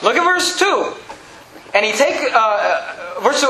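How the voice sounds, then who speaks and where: A male pastor preaching an emphatic, shouting sermon in a church. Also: very high voice, very animated, a little slow, reverberant, crowd noise, poor audio. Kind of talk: fiery sermon.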